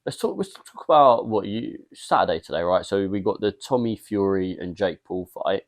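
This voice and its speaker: A man's voice: low voice, expressive, moderate pace. A young English man co-hosting a casual chat, rambling through stories and laughing often. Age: young adult. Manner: laid-back, laughs a lot, rambling storyteller. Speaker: podcast co-host.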